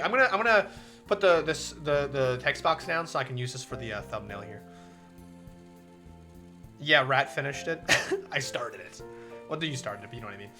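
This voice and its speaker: A man's voice: mid-range voice, lively intonation, moderate pace, long pauses, sharp tone, faint music behind. A male streamer reading a visual novel aloud, mixing narration with playful, profane jokey asides.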